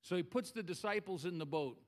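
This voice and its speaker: A man's voice: sits high, fairly quick. A man preaching a sermon as pastor, conversational and humorous, acting out scripture scenes in his own voice.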